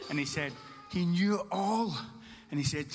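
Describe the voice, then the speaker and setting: A man's voice: high voice, moderate pace, faint music behind. A man preaching a sermon as pastor, earnest, with a repeating emphatic cadence. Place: church hall. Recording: church hall reverb, faint ambience.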